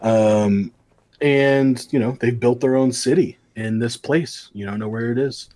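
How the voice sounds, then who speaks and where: A man's voice: medium pitch, unhurried, a little mellow. Rambling podcast co-host, casual male. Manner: rambling retelling with many ums and likes. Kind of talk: casual comic book review chat.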